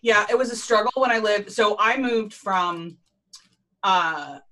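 A woman, joking wryly and swearing freely in a casual chat over a call. Her voice is bright and forceful at a middling pitch, and her quips land dry. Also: a little slow. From Philadelphia, US. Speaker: podcast co-host. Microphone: remote call recording.

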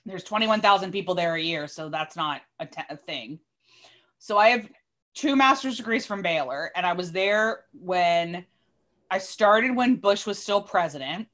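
A woman in her thirties, a bit tipsy, telling a long story on a podcast in an animated, sweary way, often cutting herself off mid-word. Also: on the low side, moderate pace. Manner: animated, swears freely, self-interrupting. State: tipsy from drinking. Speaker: podcast co-host. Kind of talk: casual storytelling chat.

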